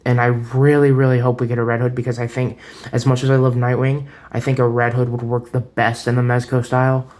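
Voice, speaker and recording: A man's voice: mid-range voice, monotone, brisk, a little mellow. A man giving a casual toy review at home, chatty and rambling, often restarting his sentences, recorded on a camera set on a table. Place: home room.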